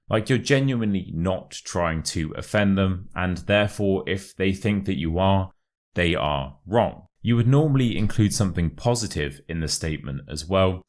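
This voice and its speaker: A young man with a modern British RP accent teaching English expressions, modelling pronunciation slowly and clearly. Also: low-pitched. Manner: clear, carefully modelled pronunciation, friendly explaining. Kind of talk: online English lesson.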